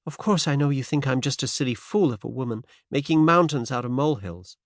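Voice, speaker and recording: A man's voice: mid-range voice, animated, fairly quick, no echo, studio quality, voice pushed up, close to an everyday voice. A man reading the part of a determined, worried American woman of about thirty in an audiobook. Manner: earnest, worried pleading.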